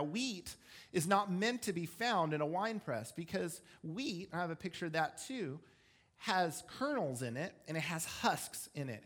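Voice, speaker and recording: A man's voice: fairly high pitch, fairly bright tone. Conversational man preaching a sermon. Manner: conversational, explanatory, self-deprecating. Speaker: pastor.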